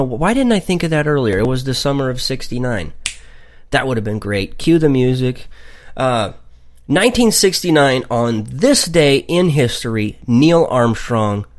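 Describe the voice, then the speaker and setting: A man hosting a radio talk show, rambling and joking with many fillers and asides. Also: medium pitch. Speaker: radio host.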